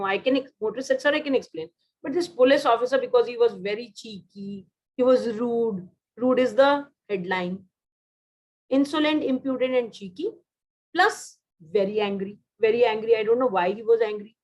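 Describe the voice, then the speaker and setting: An Indian woman teaches a vocabulary lesson and repeats each word as she goes. Her voice sits a little high and comes through a dull, lo-fi recording. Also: darkish tone. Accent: Indian English. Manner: repeats words, mixes Hindi and English. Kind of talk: online class teaching.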